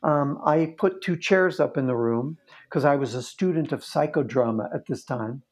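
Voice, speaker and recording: With a voice on the high side and darkish in tone, a man speaks at a moderate pace. He's a therapist relating a case conversationally, earnest and vivid, and he often restarts sentences.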